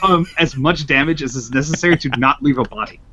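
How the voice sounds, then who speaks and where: A man's voice: on the high side, fast talker, a loud crowd. Man running a tabletop game. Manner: chatty, laughs while describing. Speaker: game master. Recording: dull lo-fi podcast audio.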